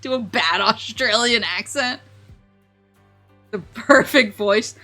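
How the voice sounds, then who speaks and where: A woman's voice: fairly high pitch, takes it slowly, pauses often, sharp tone, faint music behind. A young woman streaming a casual chat, giggling often and rambling with lots of restarts. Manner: giggly, rambling, self-interrupting. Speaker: vtuber streamer.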